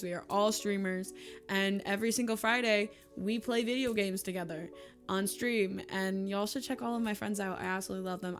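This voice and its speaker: A woman's voice: mid-range voice, a bit bright. A young woman, chatting casually to camera in a vlog, emotional and gushing, laughing often and teary. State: tearful. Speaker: YouTuber and streamer. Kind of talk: casual monthly vlog chat.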